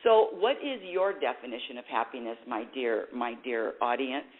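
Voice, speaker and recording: A woman's voice: very deep voice, sing-song, moderate pace. A woman hosting a spiritual talk show, speaking in a rambling, self-correcting way and laughing at herself. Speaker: radio show host. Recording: tinny phone-like sound.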